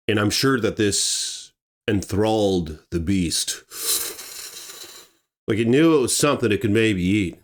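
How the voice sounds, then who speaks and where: A man telling a true story in a casual, animated way, swearing and acting out the scenes. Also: fairly low pitch, a little slow, pauses often.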